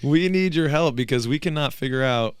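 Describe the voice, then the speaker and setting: Chatty man, smooth clear voice. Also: a little high, fairly quick, no room sound, clean studio sound. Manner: jokey, chatty, reacts to plays. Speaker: podcast co-host. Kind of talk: casual live watch-along chat.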